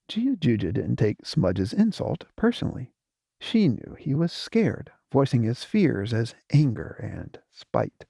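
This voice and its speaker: A man narrating an audiobook with expressive storytelling. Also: medium pitch, creaky, no room sound, studio quality. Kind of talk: scripted narration.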